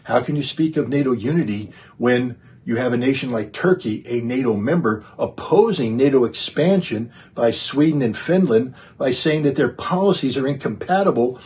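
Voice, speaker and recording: An American man speaks as a panelist at a conference. He argues emphatically, throws in rhetorical questions, and often restarts with an um or a you know. His voice sits at an ordinary middle pitch. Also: a little mellow. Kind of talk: prepared political talk.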